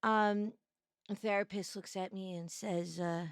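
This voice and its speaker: A woman's voice: medium pitch, fairly even intonation, unhurried, clear, resonant tone, dry recording, clean studio sound. A woman streamer chatting casually on a live stream, greeting viewers by name in a bubbly, playful way.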